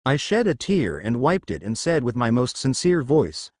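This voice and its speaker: A man narrating a fan fiction story in first person, with expressive delivery. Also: medium pitch, moderate pace, few pauses, dry recording, clean studio sound.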